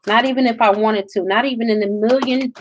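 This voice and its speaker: Woman, emphatic preachy spiritual reader, slightly high voice. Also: fairly even intonation, fairly quick, a little hiss or hum. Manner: emphatic, preachy, addresses viewers as y'all. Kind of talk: live spiritual reading.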